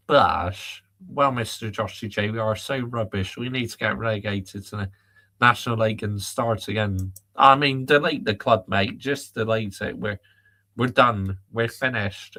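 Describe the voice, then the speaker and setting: Male football host, lowish bright voice, exasperated live-chat ranter. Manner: exasperated, reads out viewer comments and answers them. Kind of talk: live chat reaction rant.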